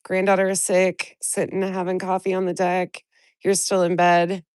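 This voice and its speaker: A woman's voice: lowish voice, completely flat delivery, moderate pace, a little mellow, clean tone, no echo, studio quality. Stuffy-nosed woman venting on a live stream. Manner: blunt, venting, swears freely; greets chat viewers by name. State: stuffy nose from a cold. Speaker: livestream host. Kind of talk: casual live-stream chat.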